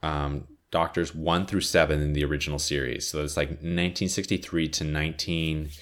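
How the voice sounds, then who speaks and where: A man with an extremely deep, low voice rambles casually about his favorite TV shows. He sounds tired and a little sniffly, piling on filler words and swearing freely as he goes off on tangents. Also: level tone, moderate pace, fairly bright tone. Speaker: podcaster reviewing TV shows.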